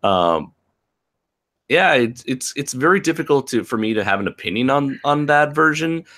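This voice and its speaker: A man's voice: mid-range voice, lively intonation, normal speed, fairly bright tone. A man hosting a casual live stream, laughing often and reading out viewer comments.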